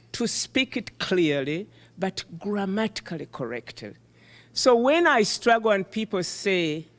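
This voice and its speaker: A middle-aged woman who is not a native English speaker, giving an animated, emphatic conference keynote. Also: fairly low pitch. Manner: animated, emphatic, self-deprecating. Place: conference hall. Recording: reverberant hall.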